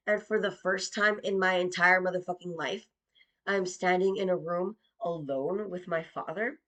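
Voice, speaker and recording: A woman's voice: lowish voice, moderate pace, a bit bright. A young woman telling a personal story in a sarcastic, mocking tone, with frequent swearing.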